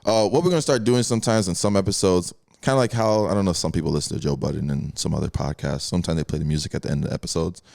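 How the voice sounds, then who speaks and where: A man's voice: deep voice, rapid-fire, creaky, few pauses, darkish tone. A man hosting a podcast in casual chat, asking loose questions and bantering. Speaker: podcast host.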